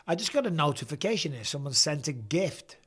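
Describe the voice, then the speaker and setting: A middle-aged man with a northern English accent, hosting a live watchalong and chatting casually with viewers, blunt and quick to swear. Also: on the high side, big pitch swings, a bit bright, breathy edge. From England. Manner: casual and blunt, swears freely, reads viewer questions aloud. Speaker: host.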